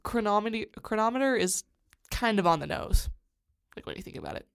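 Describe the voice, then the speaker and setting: A woman's voice: mid-range voice, expressive, fairly quick, vocal fry, clean tone. A woman co-hosting a podcast, chatting casually and wryly about a book. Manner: playful, wry and talkative. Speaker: podcast co-host. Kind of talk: casual book discussion chat.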